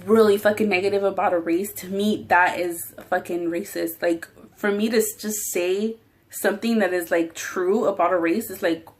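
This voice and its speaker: A woman's voice: medium pitch, steady tone, normal speed, darkish tone. A woman chatting casually while eating on a mukbang vlog, rambling, swearing freely and often laughing. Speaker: mukbang vlogger.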